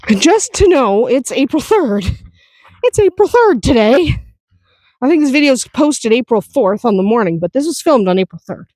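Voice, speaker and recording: A woman's voice: on the high side, darkish tone, no echo. Chatty woman farm vlogger, dry sound. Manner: chatty, laughs often, jokes with the animals. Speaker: farm vlog host. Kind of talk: casual walk-and-talk farm vlog. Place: outdoors on a muddy, snowy farm.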